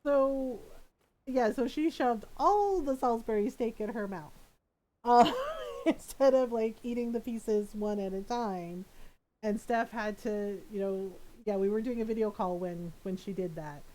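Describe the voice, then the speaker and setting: Middle-aged woman streamer, fairly high voice, loose rambling storyteller who laughs a lot and keeps checking "right?". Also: a little slow, mellow, rough recording. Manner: rambling, filler-heavy, laughs often, tags "right?". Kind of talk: casual storytelling to stream chat.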